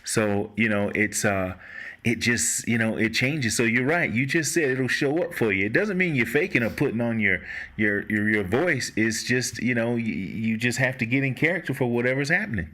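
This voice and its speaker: A man's voice: medium pitch, normal speed. A man hosting a casual talk show, a former radio voiceover man, chatting loosely with many restarts. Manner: relaxed, rambling, frequent restarts. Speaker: host. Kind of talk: casual chat.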